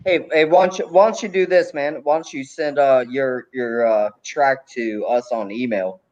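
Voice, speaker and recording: A man's voice: medium pitch, moderate pace, darkish tone. A man co-hosting a livestream, teasing a caller in dry casual chat. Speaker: livestream co-host. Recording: dull lo-fi audio.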